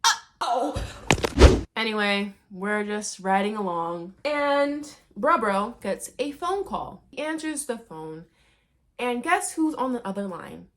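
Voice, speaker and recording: A chatty woman recaps a thriller in loose, slangy, playful talk. Her voice sits at an ordinary middle pitch, easygoing and conversational. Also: very animated, a little slow, fairly bright tone, a little hiss or hum. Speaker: movie recap vlogger. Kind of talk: casual movie recap.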